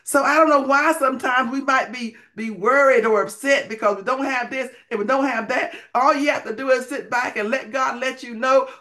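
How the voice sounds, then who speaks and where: A male preacher giving a sermon, emphatic, repeating key phrases and swinging between loud bursts and hushed lines, with folksy grammar. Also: very high-pitched, normal speed, hardly any pauses.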